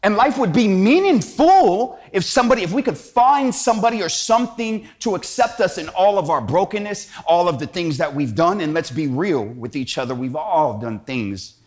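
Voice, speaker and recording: A man's voice: sits high, lively intonation, moderate pace, few pauses. A man giving an inspirational talk in a casual, slangy storytelling way. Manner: slangy, storytelling, acts out quotes. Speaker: Catholic speaker.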